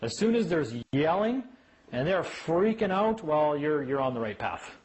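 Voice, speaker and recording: A man's voice: on the high side, a little slow, low-quality recording. A man giving a casual talk on legal rights to a small group, telling stories and acting out voices. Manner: animated storyteller who acts out voices.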